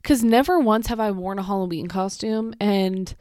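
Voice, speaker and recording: A woman's voice: mid-range voice, moderate pace, a little mellow, clear, resonant tone, no echo, clean studio sound. A young woman chatting casually and sarcastically, reading steps aloud and reacting to them with lots of "like" and "you know.". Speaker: vlogger.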